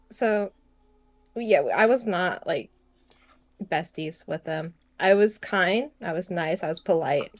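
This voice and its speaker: A woman's voice: fairly low pitch, takes it slowly, faint music behind. A woman co-hosting a podcast, telling a story in casual chat, often laughing, swearing and restarting her sentences. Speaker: podcast co-host.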